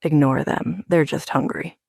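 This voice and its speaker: A woman's voice: low-pitched, steady tone, a little slow, vocal fry, a little mellow, breathy edge, dry recording, studio quality, full character voice. A woman voicing a firm young werewolf alpha male. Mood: calm, charming.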